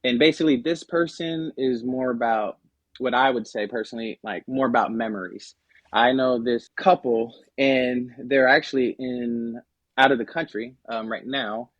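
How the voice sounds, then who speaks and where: A man's voice: mid-range voice, fairly even intonation, normal speed, no echo, highs cut off. Man chatting casually on a podcast. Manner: conversational, many fillers and restarts. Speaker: podcast guest. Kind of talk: casual explanatory podcast talk.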